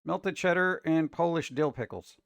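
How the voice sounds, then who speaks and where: A man's voice: fairly high pitch, moderate pace, creaky, a bit bright, no room sound. A man hosting a casual reaction show about food videos, talking in an exasperated, wisecracking way.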